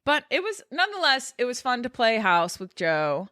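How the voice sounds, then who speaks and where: Bright-voiced woman chatting casually. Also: a little high, very animated, normal speed, dry recording, studio quality. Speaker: podcast co-host. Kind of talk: casual chat. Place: living room at home.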